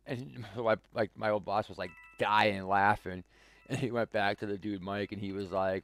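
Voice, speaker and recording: A man's voice: lowish voice, moderate pace, fairly bright tone, faint music behind. A man streaming a game, telling a story casually, rambling with lots of "like" fillers and chuckles. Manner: rambling, full of "like" fillers and restarts.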